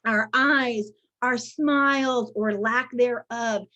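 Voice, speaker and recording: High-voiced woman teaching a workshop on a video call, lively, keeps saying right?, kinda muffled audio. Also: takes it slowly. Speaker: workshop presenter.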